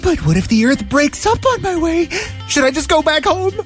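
A woman's voice: high-pitched, sing-song, moderate pace, soft background music. A woman voicing a timid, panicky male rabbit in a children's storybook, talking in fretful gasps. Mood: anxious. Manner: fretful, gasping.

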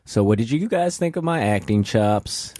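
A man's voice: fairly low pitch, animated, moderate pace. A man co-hosting a casual podcast, playful and laughing often. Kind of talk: casual improv chat.

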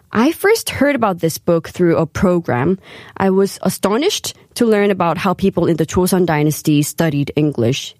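A woman hosting a scripted radio segment, reading carefully with lively emphasis. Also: mid-range voice, no room sound, clean studio sound. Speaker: radio host.

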